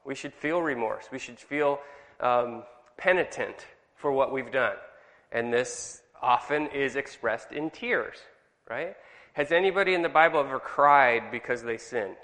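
A Californian man teaches a church study group in a bright, forceful voice. He keeps throwing questions to the room. Long reverb from the hall trails every phrase. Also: medium pitch, unhurried. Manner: chatty, asks the group questions. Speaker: Bible study leader.

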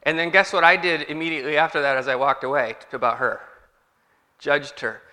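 A man preaching to his congregation in a relaxed, conversational way, often asking them questions. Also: a little high, a little fast, big-room sound. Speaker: pastor. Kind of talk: sermon. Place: church hall.

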